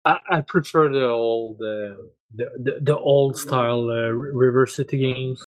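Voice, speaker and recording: A man's voice: medium pitch, steady tone, measured pace, muffled recording. Stammering man in casual podcast chat. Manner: stammering, repeats words, ends with tag questions. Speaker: podcast co-host.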